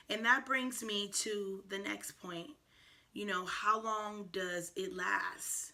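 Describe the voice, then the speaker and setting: A woman in her twenties talking to camera in a personal vlog, soft, reflective and earnest, with frequent fillers. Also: medium pitch, steady tone, takes it slowly. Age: 20s. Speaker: vlogger.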